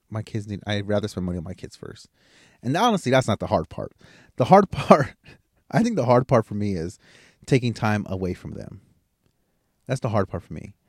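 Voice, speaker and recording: A man's voice: on the low side, darkish tone, no echo, studio quality. A middle-aged man hosting a podcast alone, talking in a rambling, blunt, profane motivational way. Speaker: podcast host. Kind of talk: casual motivational monologue.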